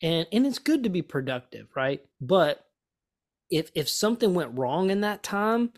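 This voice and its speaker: A man, a pastor and author, telling stories as a guest in an interview, lively and often repeating words as he thinks. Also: high-pitched, measured pace. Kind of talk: conversational storytelling.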